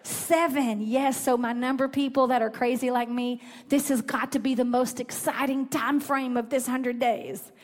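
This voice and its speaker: A woman's voice: sits high, fairly even intonation, normal speed, few pauses. A woman preacher praying and delivering a sermon to her church in a fervent, declarative cadence. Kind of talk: sermon with opening prayer. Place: church sanctuary. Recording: long reverb in a large hall with music.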